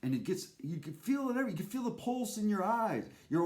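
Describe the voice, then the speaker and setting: Lively, profane rambling male host. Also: high-pitched, a little fast. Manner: profane, erratic, theatrical. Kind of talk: rambling comic monologue.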